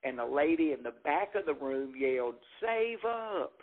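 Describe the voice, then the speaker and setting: A man's voice: mid-range voice, fairly quick, husky. A man from Mississippi with a thick Southern accent, a stand-up comedian telling stories in an interview and acting out quotes. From Jackson, Mississippi. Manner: animated storyteller acting out quotes. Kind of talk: storytelling interview. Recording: narrow phone-like sound.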